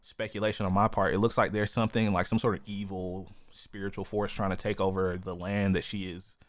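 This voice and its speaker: Here the same kind of podcast co-host sounds low-pitched and flat, speaking fairly quickly with no room sound. Hiccuping throughout, he chats casually and rambles, leaning heavily on "you know" and "like."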